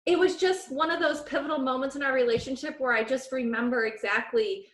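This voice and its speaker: A high-pitched woman co-hosting a podcast rattles off a story fairly quickly in reverberant surroundings. She's an animated storyteller who acts out the quoted lines during casual talk.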